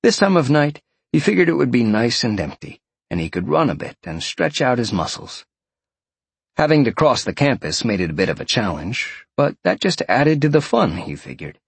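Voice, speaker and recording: A man narrating an audiobook in a lively storytelling way. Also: mid-range voice, moderate pace, creaky, slightly rough, no room sound.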